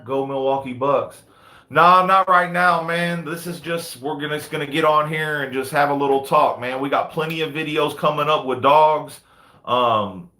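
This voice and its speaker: A man's voice: on the high side, pushed and bright, echoey room. A man in his thirties hosting a casual live chat indoors, laid-back and peppering his talk with "man" and "you know what I mean.". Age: 30s. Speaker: livestream host and dog breeder. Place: indoors under big lights.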